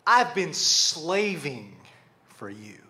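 A bitter, self-righteous older son spits out his complaints, his voice pitched high and swinging widely as it stretches each grievance, played by a man preaching. He sounds loud and drawn-out, every word heavy with resentment. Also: big pitch swings, exaggerated voice. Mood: angry.

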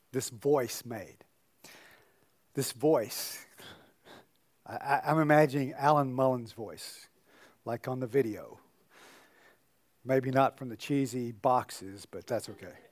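A man's voice: medium pitch, no room sound. An older man, a pastor, giving a sermon in a conversational storytelling way with joking asides.

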